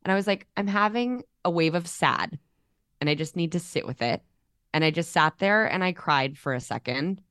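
A woman's voice: fairly low pitch, animated, normal speed, fairly bright tone, no echo, clean studio sound. A young woman co-hosting a podcast, talking candidly in a chatty way with plenty of fillers. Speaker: podcast co-host. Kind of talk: casual chat. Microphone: remote call.

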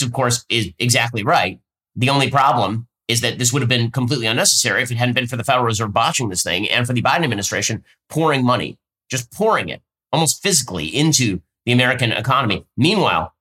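A man hosting a political commentary show, talking in an emphatic, sardonic, rapid-fire way. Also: mid-range voice, pushed and bright. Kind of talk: fast political commentary with ad reads.

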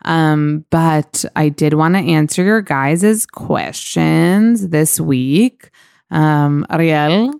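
A woman's voice: sits low, extremely slow, gravelly, a little mellow, clear, resonant tone, dry recording, studio quality. A woman hosting a podcast, chatting casually about celebrity gossip with lots of "like" and fillers. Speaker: podcast host.

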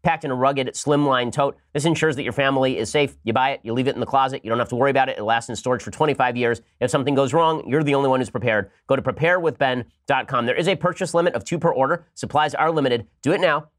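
Fast-talking sarcastic male podcast host. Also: medium pitch. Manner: sarcastic, animated, mocking. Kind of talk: fast political commentary with ad read.

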